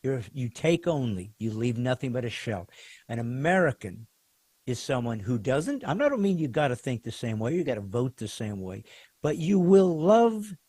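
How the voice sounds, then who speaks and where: A man's voice: mid-range voice, very animated, normal speed, mellow, husky, dry recording. A male podcast host speaking earnestly in casual conversation, often searching for words.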